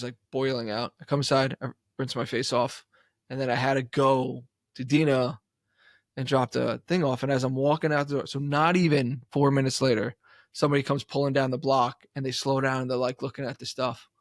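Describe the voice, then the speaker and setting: A man co-hosting a podcast in casual chat, telling stories with lively acted-out voices and frequent laughs. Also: mid-range voice, a little fast, no room sound, studio quality. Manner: animated storyteller, acts out voices, laughs often. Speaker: podcast co-host.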